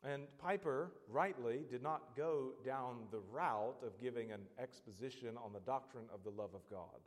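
A man preaching a sermon, earnest and building to loud, emphatic exhortation. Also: medium pitch, normal speed, big-room sound.

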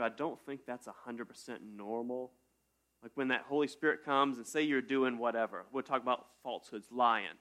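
A man's voice: mid-range voice, a bit bright. A man preaching a sermon as pastor, in a conversational way with rhetorical questions.

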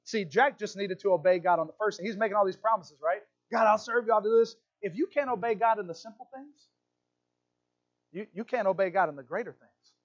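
A man's voice: high-pitched, fairly quick, dull audio. A man preaching a sermon as a pastor, telling stories and acting out little voices. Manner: animated storytelling, acts out voices.

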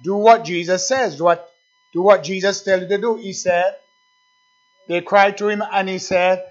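A man preaching a sermon, swinging between quiet asides and fervent rising calls. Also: sits high, steady tone, moderate pace, muffled recording.

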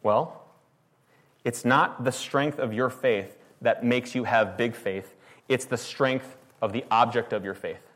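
A man's voice: medium pitch, a little slow, fairly bright tone. A man preaching a sermon in an emphatic, conversational way, often asking the congregation rhetorical questions. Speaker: pastor.

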